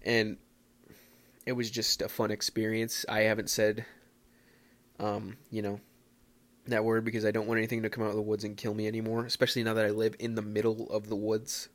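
A young man from the Philadelphia area hosting a casual solo podcast, rambling and self-mocking with excitable bursts. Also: lowish voice, a little fast. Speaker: podcast host.

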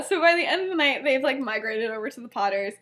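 Giggly high-voiced young woman. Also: sing-song, normal speed, bright, forceful tone. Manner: giggly, lots of "like" and "um" fillers. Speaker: podcast co-host. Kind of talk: casual chat retelling a story.

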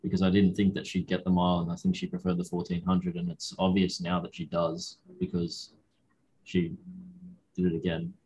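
A young Australian man, a university student, co-hosting a racing podcast in a relaxed, dryly joking way. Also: low-pitched, normal speed, a little hiss or hum, rough recording. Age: young adult. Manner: relaxed, dry humour, hedging. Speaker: podcast co-host. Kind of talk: casual chat.

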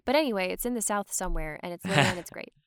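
A woman's voice: on the low side, animated, racing, smooth, dry recording, clean studio sound. A young adult woman from Georgia, a voice actor, talking in a chatty, rambling way with lots of "like" and frequent laughs. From Georgia, USA. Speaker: voice actor guest. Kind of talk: casual podcast conversation.

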